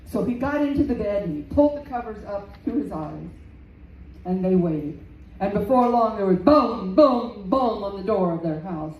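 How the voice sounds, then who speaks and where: A woman storyteller telling a folktale live in a community center room, slow and dramatic, repeating phrases for effect. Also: mid-range voice, animated, muffled recording. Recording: roomy, distant, faint background noise.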